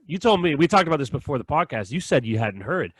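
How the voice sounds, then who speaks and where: Man hosting a podcast, rapid-fire storyteller, dry close sound. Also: a little high, big pitch swings, fairly bright tone, dry recording. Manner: rambling, laughs often, acts out quotes. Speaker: podcast host. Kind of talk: casual chat, storytelling.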